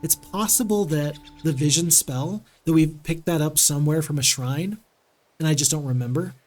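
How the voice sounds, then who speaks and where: A man's voice: on the high side, moderate pace, a little mellow. A man streaming a strategy game live, giving upbeat commentary as he thinks aloud and greets his chat.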